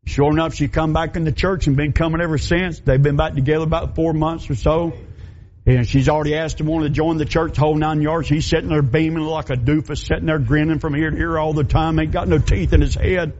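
A middle-aged pastor with a drawl tells a story from the pulpit, folksy and emphatic, circling back on his own phrases. His voice sits a touch high for a man. The recording is dull and lo-fi, with a faint hiss underneath. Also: fairly even intonation, a little fast, a little mellow. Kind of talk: sermon storytelling.

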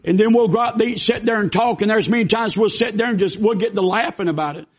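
A man's voice: high-pitched, quick pace, husky, dull audio. A man preaching a sermon as pastor, telling stories in an earnest way with emphatic bursts.

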